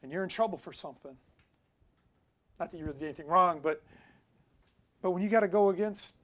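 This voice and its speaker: A man preaching a sermon in a casual, conversational way, telling a personal story and swinging between loud emphasis and quiet asides. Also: high-pitched. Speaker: pastor.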